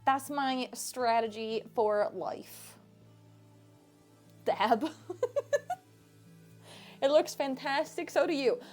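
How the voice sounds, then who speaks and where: A woman's voice: sits high, drawn-out words, long pauses, darkish tone, soft background music. A woman streaming from home, chatting casually with her viewers into a desk microphone in a playful, teasing way and laughing often. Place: home room.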